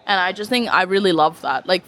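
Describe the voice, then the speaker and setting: A woman's voice: fairly low pitch, expressive, fairly quick, a bit bright. Chatty young woman full of fillers. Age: young adult. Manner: chatty, leans heavily on "like" fillers, laughs easily. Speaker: podcast guest. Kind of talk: casual chat.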